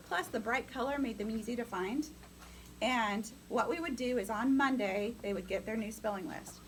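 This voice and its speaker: Woman, upbeat teacher, higher voice, faint background noise. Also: poor audio. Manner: upbeat, coaching, calls on students. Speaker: teacher educator. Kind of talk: classroom lecture.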